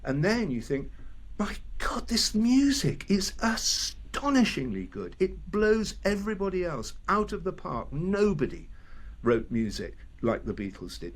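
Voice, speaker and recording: An older man from England, talking as a guest in a relaxed interview. He tells stories with energy, jumps into other people's voices and laughs often. His voice sits at a middle pitch. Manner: lively storyteller, mimics voices and screams, laughs often. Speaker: actor guest. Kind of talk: casual interview chat.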